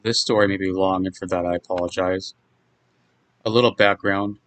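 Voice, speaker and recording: Brief: man, twenties, low voice, reflective personal-story read. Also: steady tone, fairly bright tone, rough recording. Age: 20s. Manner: measured, reflective first-person narration. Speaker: guest narrator telling his own story. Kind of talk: reading a personal account.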